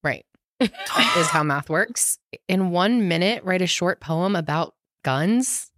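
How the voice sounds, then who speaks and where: A woman's voice: lowish voice, lively intonation, slow, a bit bright, no room sound, studio quality. A woman co-hosting a podcast, chatting casually and laughing often in a playful, teasing way. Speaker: podcast co-host. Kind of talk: casual chat.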